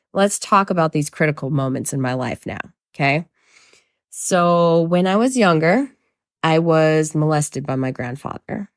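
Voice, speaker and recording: A woman's voice: low-pitched, no echo, clean studio sound. A woman hosting a podcast as a trauma coach, talking candidly and casually with lots of swearing and self-mocking humor. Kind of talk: casual confessional monologue.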